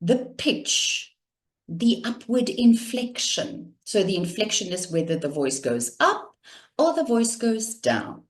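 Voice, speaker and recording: A woman communication coach giving an instructional talk in a measured, deliberate cadence, demonstrating intonation with her own voice. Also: mid-range voice, very animated.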